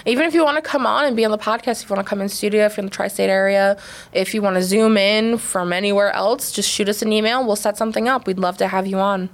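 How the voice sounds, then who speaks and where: A woman, co-hosting a podcast in casual chat, telling stories with lively quoted voices. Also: medium pitch, fast. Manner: animated storytelling with quoted voices. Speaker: podcast co-host.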